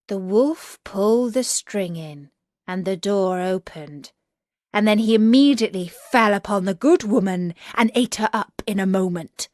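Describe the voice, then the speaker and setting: A woman reading a fairy tale aloud as scripted storybook narration, slow and clear. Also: mid-range voice, a little mellow, dry recording, studio quality.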